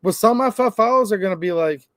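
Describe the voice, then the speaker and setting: A man's voice: sits high, lively intonation, a little fast, dry recording. A man hosting a gun rights channel, talking to camera in a rambling, emphatic, conversational way. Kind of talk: casual monologue to camera.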